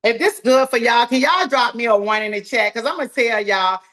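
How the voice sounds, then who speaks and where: A woman's voice: a little high, brisk. Folksy Southern woman with a drawl. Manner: folksy, talks straight to the group, says "y'all" often; energetic and encouraging. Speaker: sales trainer. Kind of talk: live training call.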